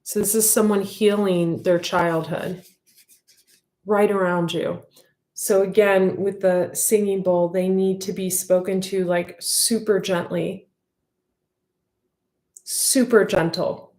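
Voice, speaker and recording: A woman's voice: medium pitch, flat delivery, unhurried, warm tone, echoey room. A woman giving an intuitive tarot reading to her viewers, talking in a heartfelt, rambling way with many fillers. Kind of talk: casual spoken intuitive reading.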